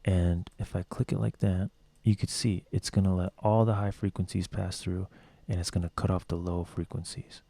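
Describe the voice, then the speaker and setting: Laid-back man explaining mixing, low voice. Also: little pitch movement, moderate pace, gravelly, warm tone, no room sound. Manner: loose, rambling, swears casually. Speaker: music producer teaching mixing. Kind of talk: casual studio tutorial.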